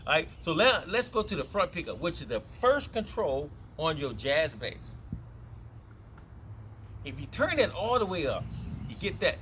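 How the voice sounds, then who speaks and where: A man teaching bass guitar, talking loosely and repeating phrases as he demonstrates tones, with bass notes played between his lines. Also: sing-song, normal speed, pauses often, fairly bright tone, slight background noise, poor audio. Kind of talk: casual instrument demonstration. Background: bass guitar playing between lines.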